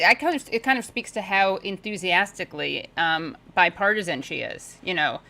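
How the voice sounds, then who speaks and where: A woman guest talking politics in casual chat, sarcastic and talkative, with quick asides. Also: medium pitch, sharp tone, rough recording. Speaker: podcast guest.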